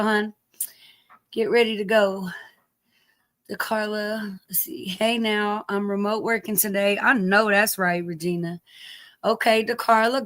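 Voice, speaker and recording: A woman's voice: mid-range voice, fairly bright tone, no echo. A middle-aged woman hosting a casual live stream from home, greeting viewers by name, sniffly from allergies and cursing lightly as she chats.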